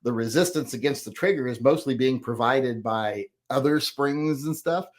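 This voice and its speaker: A man's voice: medium pitch, normal speed. A middle-aged man hosting a casual chat, reading viewer comments aloud and answering them in a rambling, self-correcting, plain-spoken way. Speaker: host.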